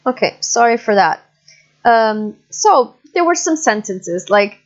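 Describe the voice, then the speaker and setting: A woman giving an online English lecture, explaining slowly with many fillers and frequent checks for understanding. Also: fairly high pitch, big pitch swings. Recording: muffled lo-fi recording.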